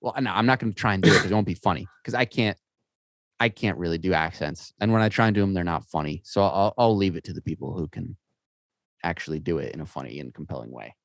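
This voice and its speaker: Low-voiced man rambling in casual chat. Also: fast talker, vocal fry. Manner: rambling, stop-start, frequent restarts and fillers. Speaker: podcast co-host.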